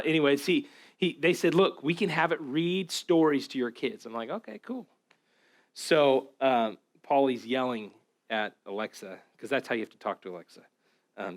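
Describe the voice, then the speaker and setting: A pastor giving a relaxed, conversational sermon, talking casually with lots of fillers and repeated words. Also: male voice, mid-range voice. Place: church.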